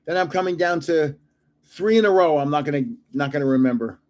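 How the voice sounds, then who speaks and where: A man's voice: a little high, brisk, a little mellow. Older man chatting over card packs. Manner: rambling, chuckling at his own guesses. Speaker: card-collecting channel host. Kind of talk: casual pack-opening chat.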